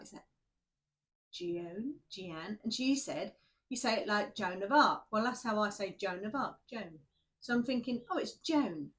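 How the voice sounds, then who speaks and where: A woman's voice: medium pitch, a bit bright. A woman, tired and shaky after night shifts, chatting casually and rambling to viewers before a tarot reading, laughing at herself. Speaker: tarot reader.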